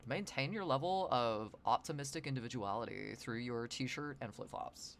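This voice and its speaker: A man's voice: mid-range voice, moderate pace, vocal fry, hardly any pauses, a bit bright, a little hiss or hum. A man streaming his drawing session, rambling and joking with his chat. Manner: rambling, jokey, talks to chat. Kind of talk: casual livestream chat while sketching.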